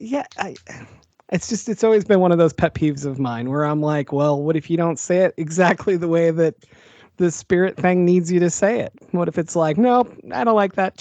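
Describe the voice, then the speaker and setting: A podcast co-host in relaxed conversation about a film. They are laid-back and wry and drop casual swears. The sound is dry and close with no room echo. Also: medium pitch, dull audio. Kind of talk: casual movie discussion.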